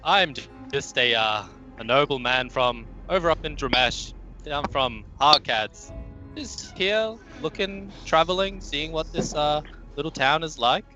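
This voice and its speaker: A man's voice: on the high side, lively intonation, unhurried, sharp tone, highs cut off, soft background music. A man playing a pompous noble impostor, speaking in a posh, airy voice. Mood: smug.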